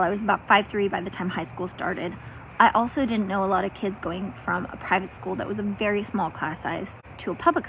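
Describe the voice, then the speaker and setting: A woman's voice: mid-range voice, slight background noise, poor audio. A woman in her thirties, a faith-based health coach, talking energetically to the camera from an ice bath, shivering from the cold. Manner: energetic, chatty, many fillers. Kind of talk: faith-based motivational vlog.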